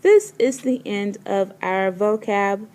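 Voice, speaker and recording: Slow, deliberate woman teacher. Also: mid-range voice, a little mellow. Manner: slow, careful pronunciation with words repeated twice. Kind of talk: vocabulary pronunciation lesson.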